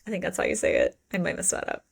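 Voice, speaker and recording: A woman's voice: on the low side, wildly swooping pitch, rapid-fire, vocal fry, breathy edge. A woman co-hosting a podcast, recapping a book in casual chat with playful swearing and mock quotes. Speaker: podcast co-host.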